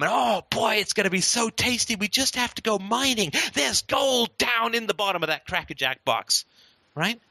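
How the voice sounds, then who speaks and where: A man gives an impassioned, profane monologue as a show host. His voice is bright and sharp, a little high, and it swings widely in pitch. Recorded dry and close. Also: no echo. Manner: profane, sarcastic ranting.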